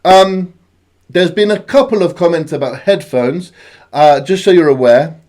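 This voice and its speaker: A man's voice: a little high, measured pace, a little mellow. A British man hosting a music reaction channel in casual chat, upbeat and chatty, sometimes humming a tune aloud. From United Kingdom.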